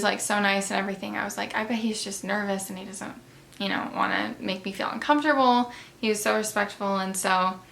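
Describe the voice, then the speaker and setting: Bright-voiced chatty young woman. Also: medium pitch, gravelly. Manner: chatty, many fillers, animated retellings. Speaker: beauty vlogger. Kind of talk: casual storytelling while doing makeup.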